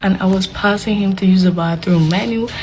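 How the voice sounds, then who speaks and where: A young woman tells a story casually, animated and dramatic, with hushed asides. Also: medium pitch, brisk, slight background noise, rough recording. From Belize. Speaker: vlogger.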